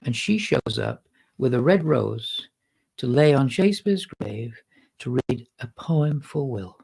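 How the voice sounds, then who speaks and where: A man, a guest musician, telling animated anecdotes in a casual podcast chat. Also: medium pitch, measured pace, creaky, slightly rough. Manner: animated storyteller, acts out quotes. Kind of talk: anecdotal storytelling.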